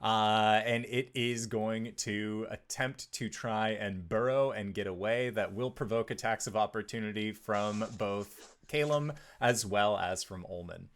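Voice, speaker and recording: A man narrating and running a tabletop game as game master, measured and unhurried with small fillers. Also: fairly low pitch.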